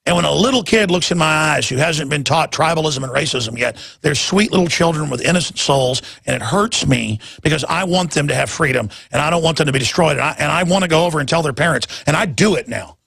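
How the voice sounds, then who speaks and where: A man hosting a talk radio show, ranting in a rambling way and jumping suddenly into loud, emphatic bursts. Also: a little high, animated, fast talker, vocal fry, few pauses, slightly rough, no room sound, clean studio sound.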